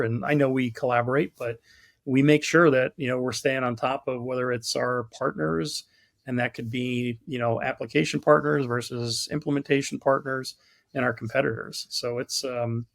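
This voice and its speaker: A man's voice: mid-range voice, steady tone, normal speed, vocal fry. A man from New York, a guest in a casual podcast conversation, telling stories and jokes with a cynical, self-deprecating humor and acting out the voices. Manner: storytelling, acts out voices in jokes. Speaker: guest, product marketing lead.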